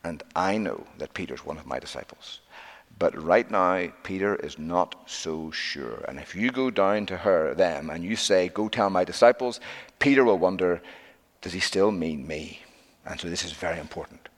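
A man voicing a gentle, commanding Lord who gives careful instructions in a hushed, earnest tone. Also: lowish voice, moderate pace, big-room sound, close to an everyday voice. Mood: tender.

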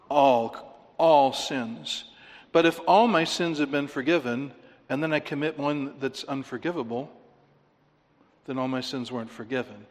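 A man preaching with emphasis, his voice sitting a little high for a man. He counts off numbered points and keeps asking the congregation questions. His words ring out with a long reverb, as in a church hall. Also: fairly bright tone. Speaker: pastor. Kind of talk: sermon.

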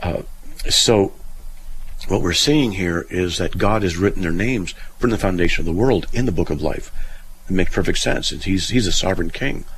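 Deep-voiced man explaining scripture. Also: normal speed, fairly bright tone, a little hiss or hum, rough recording. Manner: explains scripture step by step, reads verses aloud, dry humor. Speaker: radio Bible Q&A host. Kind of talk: call-in radio answering a caller.

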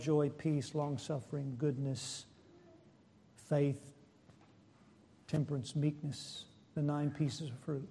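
A man preaching a sermon, asking the congregation questions and rising in pitch and force when he presses a point before dropping low and soft again. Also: husky. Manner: slow, deliberate delivery with rhetorical questions.

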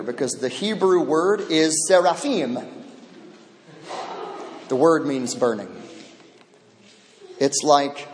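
Male pastor preaching a sermon, slow and deliberate, high voice ringing in a long-echo hall, loud declarations dropping to hushed asides. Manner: swings between loud emphatic declarations and low hushed asides; repeats words for emphasis, expressive preaching. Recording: long reverb, large hall.

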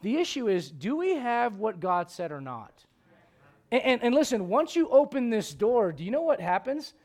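High-voiced preacher, swinging loud and soft. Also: male voice, moderate pace. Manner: animated preaching, swings from loud emphatic questions to low quiet asides. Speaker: pastor. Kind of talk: sermon.

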